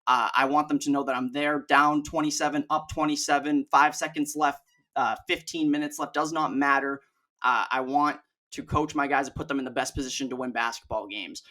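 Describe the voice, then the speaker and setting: A young man co-hosting a sports podcast, ranting in casual chat and acting out players in quick asides. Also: a little high. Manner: animated, ranting, mimics players in quoted asides. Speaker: podcast co-host.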